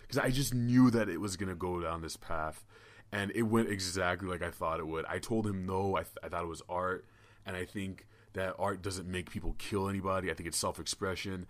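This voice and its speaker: A man's voice: deep voice, steady tone, brisk. A man hosting a casual podcast, telling stories in a rambling way with stammered restarts and swearing. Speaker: podcast host. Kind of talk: casual podcast chat and storytelling.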